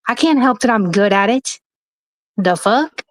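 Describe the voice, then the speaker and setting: A woman's voice: fairly high pitch, brisk, no room sound. A woman speaking as a guest on a livestream, emphatic and rambling, with frequent swearing. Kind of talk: heated livestream chat.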